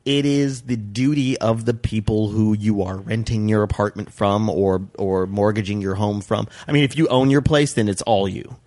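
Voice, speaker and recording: A man's voice: on the low side, fairly even intonation, normal speed, few pauses, a little mellow. A man from Las Vegas, a comedian guest, chatting casually and explaining things at length, often correcting himself mid-sentence. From Las Vegas, USA. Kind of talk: casual chat.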